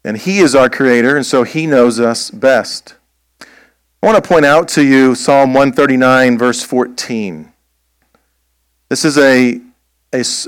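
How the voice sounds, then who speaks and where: Male pastor, mid-pitched voice, deliberate emphatic sermon delivery, dry close sound. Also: clear, resonant tone, no echo. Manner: deliberate, emphatic preaching with rhetorical questions.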